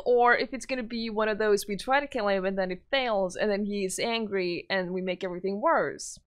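A young woman gaming streamer reading a story game aloud, breaking into excitable, squealing reactions. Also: mid-range voice, a little fast, hardly any pauses.

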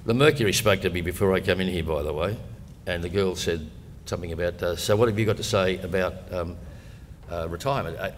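A man's voice: fairly low pitch, slight background noise. An older Australian man giving a humorous public talk, chatty and wry, with storytelling asides. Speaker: guest speaker. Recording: long hall reverb, faint room ambience.

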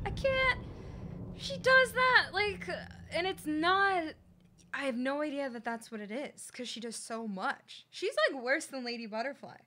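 High lively woman swearing at a game. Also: moderate pace, slight background noise. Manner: swears and yells in frustration, then mutters. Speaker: game streamer. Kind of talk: casual gameplay commentary.

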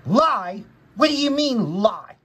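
A woman's voice: medium pitch, steady tone, slow pace, husky, voice pushed up, rough recording. A woman voicing Linus as a cross, stubborn young boy in amateur fan storytelling. She scolds angrily with many hesitant "mm" fillers. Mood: angry.

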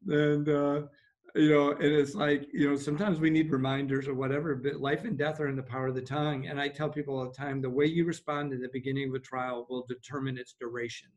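A male pastor talks casually over a video call. He sounds upbeat and chatty, with plenty of fillers. His voice sits at an ordinary middle pitch for a man. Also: little pitch movement, fast, a little mellow, highs cut off.

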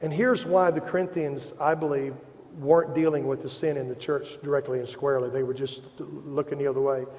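This Midwestern American pastor gives his sermon in a sanctuary full of long hall reverb, sincere and self-mocking, his emphasis climbing as he pushes his point. He talks briskly with a steady, medium-pitched, darkish voice.

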